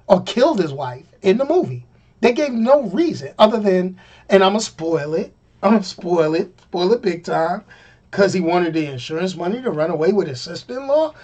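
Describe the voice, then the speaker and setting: A man giving a casual spoken movie review. He talks emphatically, repeats phrases for effect, laughs often, and swings between loud bursts and quiet asides. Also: sits high.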